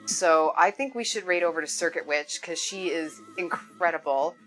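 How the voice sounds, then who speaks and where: A woman's voice: lowish voice, normal speed, a bit bright. A young woman hosting a casual cooking live stream, chatting with viewers, laughing often and swearing freely. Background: music playing.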